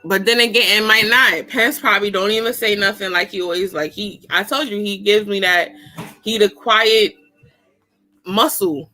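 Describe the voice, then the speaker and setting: A woman's voice: medium pitch, steady tone, moderate pace, bright, forceful tone. A woman casually reviewing a political debate on her own show, slangy and exclaiming, often breaking into laughter. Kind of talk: casual commentary.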